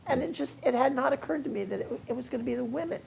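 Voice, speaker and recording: An older woman, a guest in a live onstage conversation, telling relaxed anecdotes and laughing now and then. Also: high voice, fast talker, gravelly, slight background noise. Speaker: interview guest. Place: auditorium before an audience.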